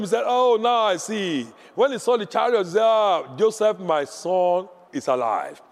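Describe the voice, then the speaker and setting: High-voiced preaching man in a reverberant hall. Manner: impassioned, repeats lines for emphasis. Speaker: pastor. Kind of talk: sermon.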